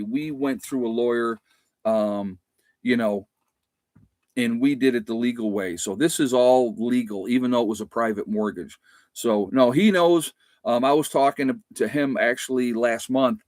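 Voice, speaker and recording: A man's voice: medium pitch, no room sound. A man hosting a live stream, talking casually and rambling with lots of fillers and restarts. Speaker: livestream host.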